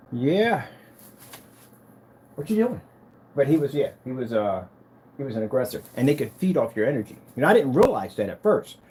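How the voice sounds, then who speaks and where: A man showing off his business's screen paint in a casual vlog, talking in an excitable, rambling, hyped-up way. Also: mid-range voice, slight background noise. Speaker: screen paint business owner demonstrating products. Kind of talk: casual product demo vlog with storytelling.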